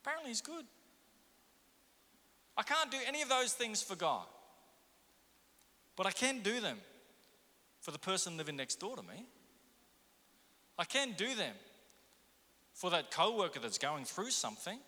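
A man's voice: high-pitched, big pitch swings, normal speed, pauses often, sharp tone, big-room sound. A man preaching a sermon as pastor, firing rhetorical questions at the congregation. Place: church.

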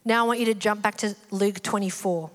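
A woman preaching a sermon in a church hall, animated and acting out the voices in the story. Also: medium pitch, brisk. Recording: hall reverb with faint music.

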